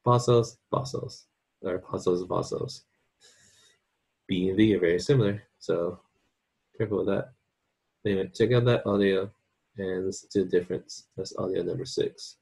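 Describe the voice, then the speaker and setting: Male online teacher, low husky voice, relaxed and informal, speaks. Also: a little fast. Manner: informal, checks in with "okay?" and "right?". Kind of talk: recorded online lesson.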